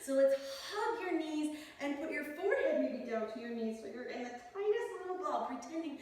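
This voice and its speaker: Playful high-voiced woman teaching kids yoga. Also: expressive, moderate pace, a little mellow, heavy reverb, recorded from a distance. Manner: playful and encouraging, demonstrating poses as she talks. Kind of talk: guiding a children's yoga class.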